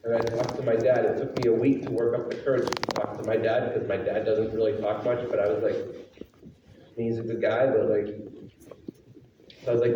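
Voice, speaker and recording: A man performs a monologue from a distance in a large hall full of echo, with steady noise behind him. He acts out the other people in his story with sudden jumps in pitch. At other times he grows quiet and halting. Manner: turns from joking to quiet and halting. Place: large school hall or auditorium. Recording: echoey hall recorded from far off.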